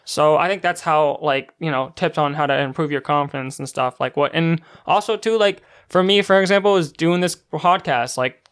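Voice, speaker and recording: A man's voice: fairly high pitch, normal speed, hardly any pauses, fairly bright tone, clean tone. A young man co-hosting a podcast, rambling in casual chat with lots of filler words. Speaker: podcast co-host.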